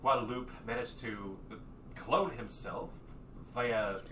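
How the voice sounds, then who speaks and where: A man's voice: mid-range voice, slow pace, close to an everyday voice. A man voicing a smug, vain doppelganger who brags about his singing, with an airy, pompous manner. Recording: roomy, distant mic with noise.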